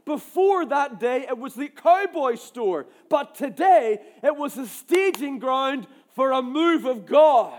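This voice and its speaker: A Northern Irish man preaching with an unusually high voice. He tells his story in an animated, emphatic way, driving each point home. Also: slow, hardly any pauses. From Ireland. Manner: animated, emphatic, acts out dialogue. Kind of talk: storytelling sermon.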